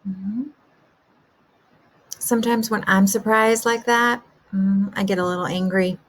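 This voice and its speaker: A woman kindergarten teacher talks slowly and gently, posing simple questions to young children about a story. She speaks at a mid pitch and stays patient throughout. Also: fairly even intonation. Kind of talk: teaching a class remotely.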